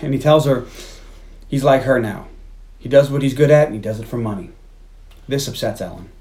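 A man hosting a podcast, casually recapping a film's plot with jokes and quick put-on quotes of the characters. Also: mid-range voice, lively intonation, warm tone. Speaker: podcast host. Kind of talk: casual movie recap chat.

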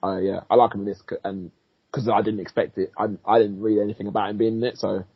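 Raspy fast-talking man. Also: on the low side, level tone, dry recording. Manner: blunt, quick opinions. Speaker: podcast co-host. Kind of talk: casual film review chat. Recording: dull, slightly lo-fi dry sound.

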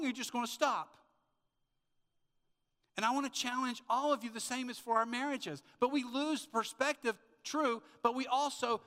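A high-pitched man pastor delivers an emphatic sermon full of stories and rhetorical questions. His voice is bright and sharp, and a long reverb hangs in the large church hall around him. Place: church sanctuary.

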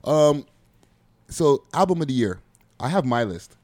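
A man co-hosting a casual podcast chat, animated and swearing, laughing often. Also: medium pitch, measured pace. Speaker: co-host.

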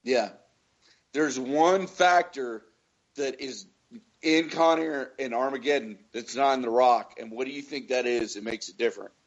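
A man from Florida in a casual podcast chat, telling stories and loudly acting out quotes. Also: medium pitch, a little slow, lo-fi sound. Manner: swearing storyteller, acts out quotes loudly. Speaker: podcast co-host.

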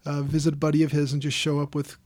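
A man from Chicago chatting casually as a podcast host, wandering through anecdotes with plenty of "uh" and "like". His voice sits fairly high for a man yet sounds dark and mellow. The recording is close and dry, with little room sound. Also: completely flat delivery, fast talker, no room sound. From Chicago, United States. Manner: loose, rambling storytelling with fillers. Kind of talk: casual chat.

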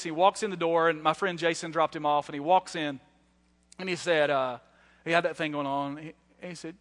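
A high-pitched man in his thirties preaches as a guest, telling animated stories and poking fun at himself. The sermon echoes through a hall.

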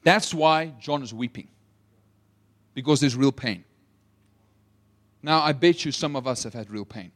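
A man preaching a sermon, asking the audience questions and retelling scripture as lively stories. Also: mid-range voice, a little slow, long pauses. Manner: asks the audience rhetorical questions; animated storytelling with acted-out quotes. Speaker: pastor.

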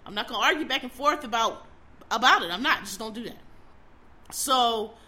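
A woman's voice: a little high, moderate pace, sharp tone. A middle-aged woman ranting casually as a host, blunt, profane and exasperated, hammering her points by repeating them. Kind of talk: casual opinion rant.

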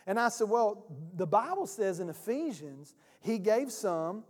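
Preacher guy, high-ish voice, folksy storytelling, big church echo. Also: moderate pace. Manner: folksy, animated storytelling, acts out both sides of a phone call. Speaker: pastor. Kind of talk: sermon with storytelling. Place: church sanctuary. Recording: church hall reverb.

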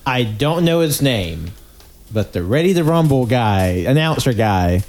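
Halting man with a lively voice. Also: mid-range voice. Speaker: podcast co-host. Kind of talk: casual chat.

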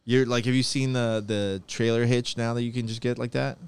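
A man chatting casually as a podcast host, laughing often and telling stories with animated quoted voices. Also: medium pitch, brisk, smooth. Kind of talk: casual chat.

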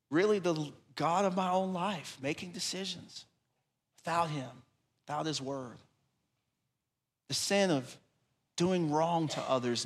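A man preaching a sermon, telling a lively story and voicing the people in it, then dropping to soft, hushed tones for his appeal. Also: on the high side. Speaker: pastor.

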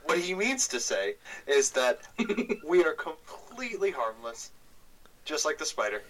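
A cheeky, eager adventurer, voiced by a man at the game table, chiming in with a bright, sharp-edged voice and a raised, playful lift. He sounds set back from the mic. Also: a little high, very animated, a little slow, far from the mic, slight background noise, poor audio.

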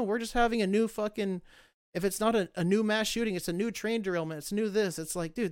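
A man's voice: high voice, smooth, no room sound, studio quality. A man ranting casually about the country, profane and sarcastic, getting worked up as he talks. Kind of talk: casual rant.

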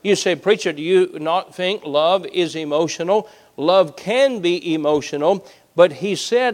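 A middle-aged male pastor preaching with emphatic, building intensity. His voice sits a little high for a man. He reads Scripture slowly and drives his points home. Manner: preaching with rising intensity, emphatic Bible reading. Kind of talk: sermon.

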